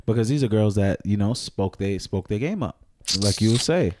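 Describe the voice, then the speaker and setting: A man's voice: fairly low pitch, expressive, moderate pace, darkish tone, no room sound, studio quality. A man in his thirties telling frank, joking stories in casual podcast chat, and asking to be allowed to finish. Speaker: podcast co-host.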